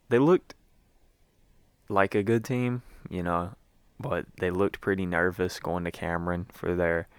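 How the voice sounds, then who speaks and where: A man's voice: low-pitched, clean tone, no room sound. A young man giving a rambling, casual recap as a sports fan, with lots of fillers and restarts.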